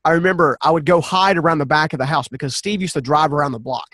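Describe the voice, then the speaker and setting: A man in his forties, a podcast guest, telling a personal story in an animated, earnest way and often restarting his sentences. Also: a little high, quick pace, no room sound. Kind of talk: personal storytelling in a conversational interview.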